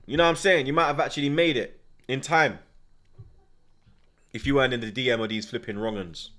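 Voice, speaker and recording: A man's voice: medium pitch, fairly quick. Ranting man reacting to football. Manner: animated, ranting, London slang. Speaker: football watchalong host. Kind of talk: live match reaction commentary.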